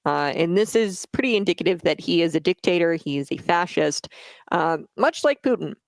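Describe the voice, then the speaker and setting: A woman's voice: on the low side, lively intonation, moderate pace, vocal fry, dry recording. Blunt opinionated woman talk radio host. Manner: blunt, opinionated, frequent fillers and restarts.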